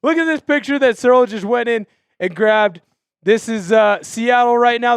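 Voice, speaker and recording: A man hosting a live sports show, chatting excitedly with many fillers and restarts. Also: high-pitched, measured pace, smooth, no echo. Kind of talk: excited casual live commentary.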